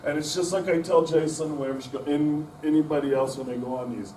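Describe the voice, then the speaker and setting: A man's voice: mid-range voice, fairly even intonation, normal speed, hardly any pauses, darkish tone, a little hiss or hum. Middle-aged male guest speaker, folksy rambling storyteller with self-deprecating humor, miked from a distance. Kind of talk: anecdotal storytelling talk. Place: club meeting room. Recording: echoey room from a distance.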